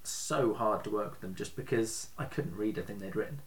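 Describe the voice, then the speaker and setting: A man's voice: fairly low pitch, fairly quick. A man hosting a casual podcast, telling stories in a chatty way and laughing often. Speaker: podcast host.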